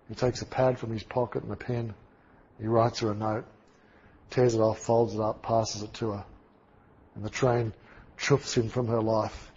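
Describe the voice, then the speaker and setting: Man giving a sermon, big dramatic swings loud to quiet, husky voice, muffled lo-fi sound. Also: lowish voice, little pitch movement, normal speed, pauses often. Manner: dramatic, emphatic storytelling with big swings in volume. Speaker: preacher.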